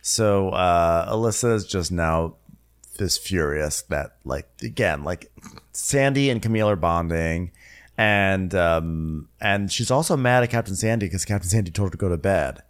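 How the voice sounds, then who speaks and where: A man's voice: sits low, animated, normal speed, smooth. A man co-hosting a podcast, drily recounting reality-show drama in casual chat. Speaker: podcast co-host.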